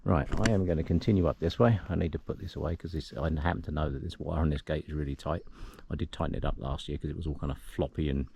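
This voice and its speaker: This trail volunteer talks fast, with few pauses, in a rumbling low, gravelly, slightly rough voice that's steady in tone and a little mellow. He walks a mountain trail with a handheld camera, chatting and giving directions.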